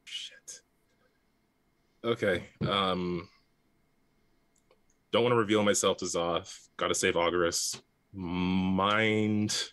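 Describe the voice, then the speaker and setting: A man taking his turn in a tabletop game, thinking out loud hesitantly. His voice is low and his pace is very slow. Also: fairly even intonation, clean tone. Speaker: player.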